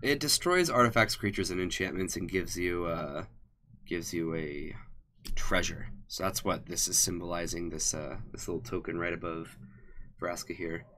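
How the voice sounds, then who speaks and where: A man giving relaxed, low-key commentary on a card game stream. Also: normal speed, a little hiss or hum.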